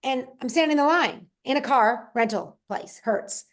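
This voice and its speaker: A woman from Rhode Island talking casually on a podcast, telling stories with lively restarts. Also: high voice, normal speed. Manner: animated storytelling, frequent restarts and laughs. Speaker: podcast guest or co-host. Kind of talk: casual conversational podcast talk.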